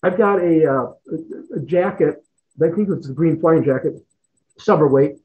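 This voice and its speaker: A man's voice: fairly high pitch, normal speed. A middle-aged man telling stories as an interview guest, rambling, repeating words and chuckling often. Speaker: guest, retired fighter pilot. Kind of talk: casual storytelling in an interview. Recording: tinny phone-like line.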